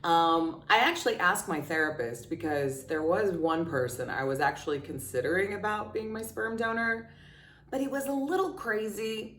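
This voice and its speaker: A woman's voice: medium pitch, a bit bright. A woman vlogger telling a personal story in a candid, chatty, self-mocking way. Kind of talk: casual confessional storytelling. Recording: roomy sound, distant from mic.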